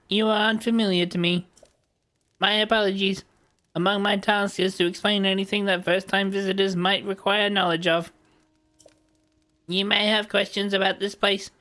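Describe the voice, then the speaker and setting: A game streamer voicing a polite robot construct guide, using a buzzing, gravelly rasp pushed through the throat. The lines come out stiff, courteous and explanatory. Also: medium pitch, fairly bright tone, close to an everyday voice. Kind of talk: reading a game character's lines aloud.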